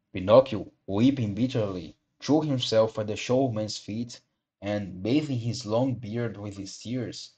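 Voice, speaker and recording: A man narrating a classic storybook aloud in a measured pace, with occasional slips and re-reads. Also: fairly low pitch, a little mellow. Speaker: audiobook reader.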